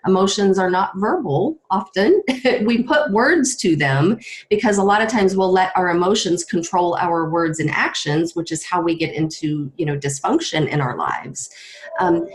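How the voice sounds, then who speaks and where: A woman hosting a podcast, explaining things in a reflective, affirming way. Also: fairly low pitch. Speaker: podcast host. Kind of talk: conversational interview.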